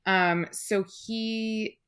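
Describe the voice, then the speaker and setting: A woman's voice: medium pitch, fairly even intonation, very slow, fairly bright tone, smooth. A woman appearing as a podcast guest in casual chat, speaking in a wry, dry and candid way.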